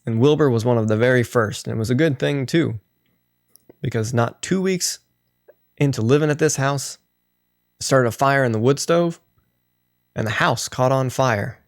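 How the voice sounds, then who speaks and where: Guy doing a slow old farmer telling a tall tale, mid pitched, dry. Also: no room sound, natural voice. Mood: earnest. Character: folksy old male farmer, earnest storyteller.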